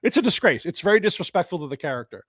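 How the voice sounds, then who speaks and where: A man with a high, very lively voice tears into a film in a profane, exasperated rant. He sounds close and dry, with little room sound around him. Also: very fast, husky, no echo. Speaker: movie reviewer. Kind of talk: ranting film review.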